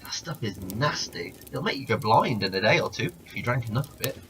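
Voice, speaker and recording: A man voicing a calm talking rattlesnake who grants wishes, patient and dryly joking as he explains. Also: medium pitch, a little fast, a little hiss or hum. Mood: explaining.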